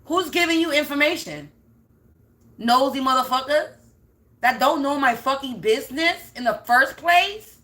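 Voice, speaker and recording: Bright, high-voiced woman ranting. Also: lively intonation, unhurried. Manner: profane, emphatic, repeats herself. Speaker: spiritual reader. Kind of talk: unscripted ranting monologue.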